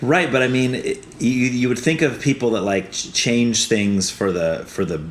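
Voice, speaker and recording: A man hosting a casual podcast chat, asking probing questions and gently pushing back. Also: medium pitch, moderate pace, slight background noise. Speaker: podcast host.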